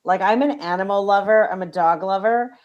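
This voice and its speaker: A woman's voice: mid-range voice, brisk, dull audio. A middle-aged woman from Canada, a retired police officer, talking casually as a podcast guest with a hesitant, filler-heavy manner. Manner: hesitant, many fillers and restarts. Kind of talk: casual interview talk.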